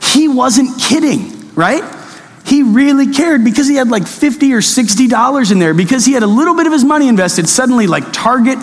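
A pastor gives a sermon in a conversational, animated way, slipping into mock-excited asides. His voice sits high for a man. The sound rings with the long reverb of a large hall. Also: fairly quick.

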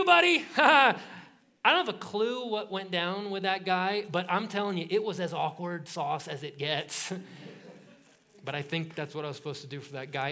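A man's voice: a little high, a bit bright. A middle-aged man preaching a sermon as pastor, telling stories animatedly with laughs and acted-out quotes.

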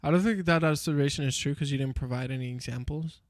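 A young man talking in a casual chat, his voice sitting a touch high for a man. He rambles through his stories with plenty of fillers and restarts. The recording is dry and close. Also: fast, dry recording.

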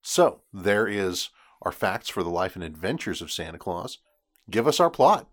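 A man with a very deep voice, chatting casually on a podcast. He lays out background facts at an easy, relaxed pace. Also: normal speed. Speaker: podcast co-host.

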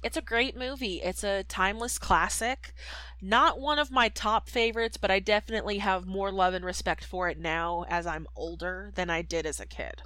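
A woman's voice: mid-range voice, normal speed, bright, forceful tone, no room sound, poor audio. A woman co-hosting a podcast, casually retelling a film plot with lots of fillers. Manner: chatty, lots of fillers and voices. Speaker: podcast co-host. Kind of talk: casual movie recap.

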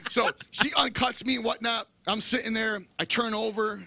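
A middle-aged man telling animated stories in casual chat, acting out the voices of people he quotes. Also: high-pitched, moderate pace, background noise. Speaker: guest.

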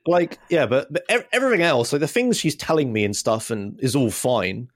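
A young man telling a rambling, animated story on a casual podcast. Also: mid-range voice, a little fast. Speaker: podcast host.

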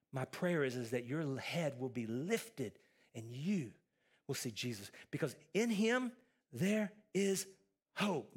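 A pastor with a fairly high-pitched voice preaches a sermon, building up through emphatic repetition before dropping into soft, intense tones.

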